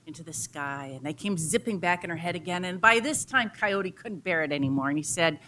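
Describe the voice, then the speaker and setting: A woman lecturer tells a story in an expressive, dramatic way, her voice a little low in pitch. Her delivery slows and swells with the tale, speaking to a public audience.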